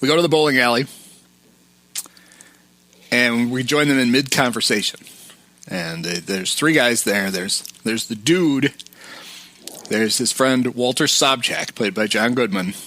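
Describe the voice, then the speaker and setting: A man's voice: medium pitch, measured pace, pauses often, pushed and bright. A man co-hosting a film podcast who recaps scenes in a casual, conversational way. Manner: recaps the plot and acts out quotes. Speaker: podcast co-host.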